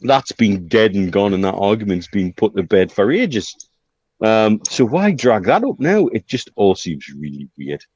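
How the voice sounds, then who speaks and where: A man talking football on a podcast, his voice sitting low and dry with no room around it. He speaks in a measured, hesitant way, full of ums and restarts. The recording sounds dull and lo-fi. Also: very animated, a little mellow, slightly rough, dry recording. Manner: measured, hesitant with many fillers. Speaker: podcast co-host. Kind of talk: casual football chat.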